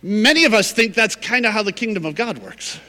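High, bright-voiced pastor preaching in a hall. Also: male voice, fairly quick. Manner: storytelling, animated, acts out quotes. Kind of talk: sermon.

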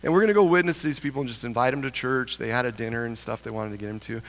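A pastor from Idaho telling a humorous, self-deprecating story in a sermon. He talks in an animated way and chuckles often. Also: mid-range voice, rapid-fire. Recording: long reverb of a large hall.

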